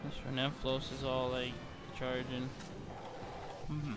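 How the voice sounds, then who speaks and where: A man giving excitable gameplay commentary while sick with a bad cough, breaking into frequent exclamations. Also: medium pitch, slow pace. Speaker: gamer.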